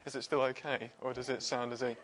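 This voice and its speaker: A man's voice: mid-range voice, flat delivery, fast, a bit bright, a little hiss or hum. Chatty man setting up a livestream. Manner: chatty, self-deprecating, laughs often. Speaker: presenter and physicist. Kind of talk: casual livestream chat. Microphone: wireless mic.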